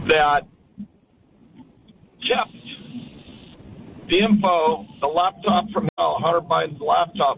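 A man calling in to a radio talk show, rambling and opinionated. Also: on the high side. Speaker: radio caller. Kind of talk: call-in radio comment. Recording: muffled radio line with faint noise.

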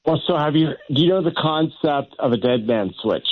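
A man's voice: fairly high pitch, animated, normal speed, dry recording. A man taking part in a radio call-in discussion, pushing back on the caller with short replies. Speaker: radio show guest. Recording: muffled radio broadcast.

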